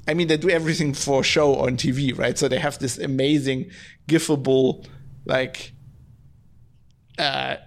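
A man's voice: mid-range voice, fairly bright tone. A man chatting casually on a podcast, rambling and swearing, with lots of filler words. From Germany. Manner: rambling, profane, heavy use of "like". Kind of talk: casual chat.

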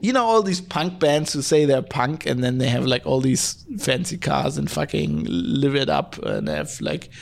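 Hoarse, gravelly male podcast host rambling. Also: mid-range voice, sing-song, moderate pace, hardly any pauses. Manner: rambling, profane, many fillers and restarts. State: hoarse from hay fever. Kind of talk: casual solo podcast, reading listener mail. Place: at home, lives in Germany.

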